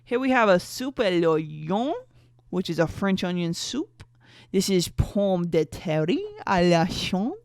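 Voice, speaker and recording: A woman's voice: lowish voice, lively intonation, moderate pace, dry recording. A woman reading her own teen-romance heroine, bubbly and playful, often in a clumsy fake French accent. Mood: mock-French.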